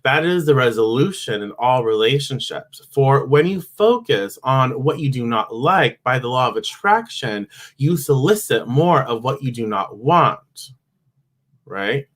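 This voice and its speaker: Man, live-stream card reader, casual spiritual chat, greets viewers, acts out grumbles, mid pitch. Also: lively intonation, a little slow, fairly bright tone. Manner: chatty, greets viewers by name mid-thought; acts out grumbling inner voices.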